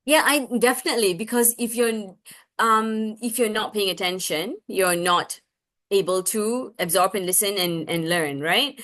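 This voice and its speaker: A woman's voice: mid-range voice, unhurried. A woman speech expert in a video-call webinar, answering parents' questions in an earnest way, often restarting and checking in with "right?". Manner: acts out parent-child exchanges in a brighter voice.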